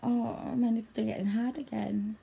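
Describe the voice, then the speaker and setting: A woman's voice: fairly high pitch, fairly even intonation, moderate pace, vocal fry, slightly rough, highs cut off. A woman performing an adult audio role-play in a stern, teasing, commanding manner.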